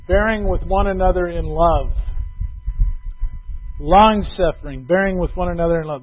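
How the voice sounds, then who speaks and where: A middle-aged man preaches to his congregation in a high, light voice. He is loud and emphatic one moment and drops to a soft aside the next. The sound is thin and tinny, as if it came down a phone line. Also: normal speed, slight background noise. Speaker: pastor. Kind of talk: sermon.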